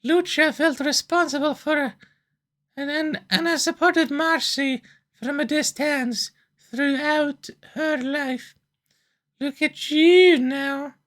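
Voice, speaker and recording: A woman reading aloud as a proud, reproachful mermaid in a game, in a slow, measured way. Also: high-pitched, steady tone, a bit bright. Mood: stern.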